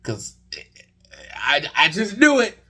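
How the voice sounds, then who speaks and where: A man's voice: a little high, huge pitch swings, slow, sharp tone, breathy edge. A young man rambling through a basketball game recap in a casual vlog, telling the story with exasperation. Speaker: sports vlogger.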